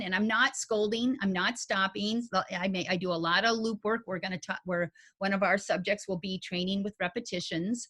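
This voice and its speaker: A woman instructor talking through dog agility training with her students. Her delivery is folksy and animated, with homey turns of phrase. Her pitch sits in an ordinary middle range. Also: moderate pace, few pauses. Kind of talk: conversational teaching talk.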